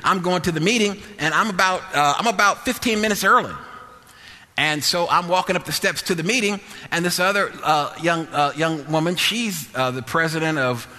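A man preaching in a large hall, his bright, somewhat high voice ringing with long reverb. He tells stories with quoted dialogue and repeats key phrases for emphasis. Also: moderate pace. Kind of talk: sermon.

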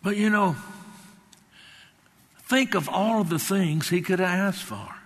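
A man's voice: sits high, takes it slowly, a bit bright, big-room sound. An older man preaching a sermon, speaking emphatically, acting out quotes and wandering into personal stories. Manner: emphatic, acts out quotes, rambling anecdotes.

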